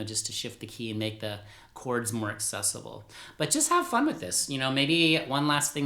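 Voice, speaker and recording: A man's voice: mid-range voice, pushed and bright. A man teaching guitar in a casual, rambling, upbeat way, laughing at himself as he goes. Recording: roomy echo with guitar playing.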